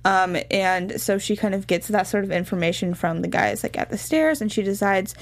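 A woman's voice: mid-range voice, normal speed. A woman co-hosting a casual chat, summarizing episodes in an upbeat, chatty way. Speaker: podcast co-host.

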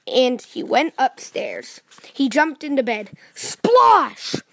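A woman with a high, bright voice reads a children's storybook aloud. She tells it in a lively way and turns to her young listeners with questions. The sound is dry and close, with little room. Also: takes it slowly, vocal fry, dry recording.

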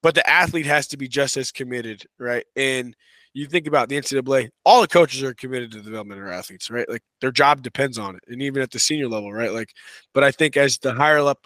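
A man talking as a wrestling coach and podcast guest in a relaxed, casual way, full of "you know" and "right.". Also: mid-range voice, fast, no room sound. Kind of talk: casual conversational interview.

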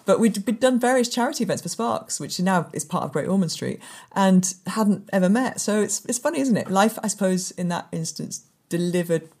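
A woman in her fifties, a sports presenter, telling animated, rambling stories as an interview guest. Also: medium pitch, fairly quick, few pauses. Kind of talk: anecdotal interview chat.

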